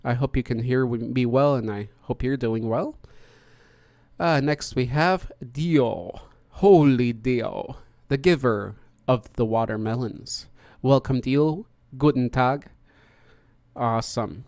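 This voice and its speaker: A man hosts a podcast over online voice chat, with a smooth, resonant voice recorded dry and close. He talks casually and greets each guest in turn. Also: medium pitch, slow, darkish tone, no room sound. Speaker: podcast host.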